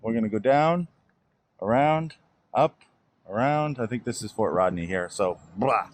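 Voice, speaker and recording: A travel vlogger with a medium-pitched, animated voice that runs a little slow walks around filming, casually commenting on what he sees.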